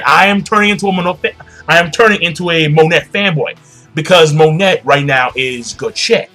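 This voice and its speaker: Bright-voiced young man, slangy rambling recap. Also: a little high. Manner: profane, slangy and rambling, with frequent fillers. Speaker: manga chapter reviewer. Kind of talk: casual recap monologue.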